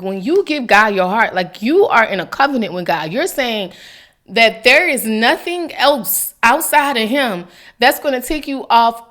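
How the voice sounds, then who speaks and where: A woman's voice: a little high, fairly bright tone. A woman hosting a casual faith vlog, chatty and giggly, talking straight to her viewers. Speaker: devotional vlogger.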